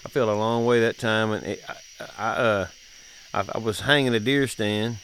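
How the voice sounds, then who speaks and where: A middle-aged dad who hosts a podcast tells family stories in a laid-back, folksy drawl, often breaking into laughter. His lowish voice holds a steady tone at normal speed and has a fairly bright quality. Slight background noise is audible.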